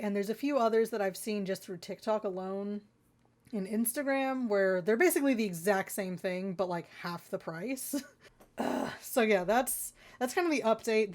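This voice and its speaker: A woman's voice: medium pitch, a little mellow. A woman vlogger ranting in an exasperated, rambling way, talking straight to her viewers. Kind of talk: ranting consumer-warning vlog.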